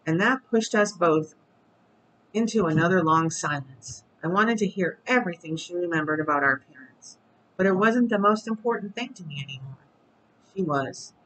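Bedtime storybook reader, calm, steady, read-aloud. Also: medium pitch, normal speed, low-quality recording.

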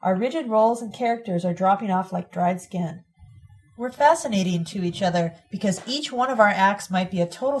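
A woman reading a first-person novel aloud in a calm, steady narration. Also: medium pitch. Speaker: audiobook reader.

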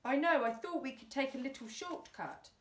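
A breezy, daring dad at the wheel, brisk and unbothered, as a woman reads him from a storybook. The voice sits fairly high, with a roomy echo from a distant mic. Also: animated. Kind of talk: children's book read aloud.

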